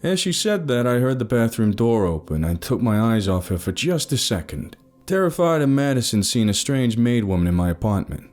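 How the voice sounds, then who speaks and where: A man narrating a first-person story, giving each character an expressive voice. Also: medium pitch, moderate pace, faint music behind.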